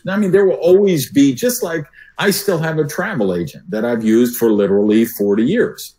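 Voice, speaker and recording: An older man, a speaking coach and podcast guest, who swings his voice loud and soft to make his points. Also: on the low side, rough recording.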